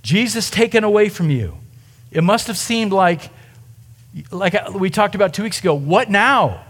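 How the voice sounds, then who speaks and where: A man preaching a sermon in a conversational, animated way, often asking the listeners questions. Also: sits high, moderate pace. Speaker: pastor.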